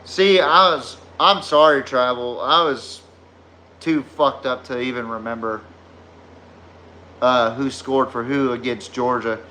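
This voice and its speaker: A slow, unhurried man with a deep Southern drawl hosts a laid-back sports podcast. His voice is bright and forceful, and he wanders through loose, swear-heavy stories. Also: fairly even intonation, a little hiss or hum. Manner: rambling, profane storytelling. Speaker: podcast host. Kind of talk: casual sports podcast chat.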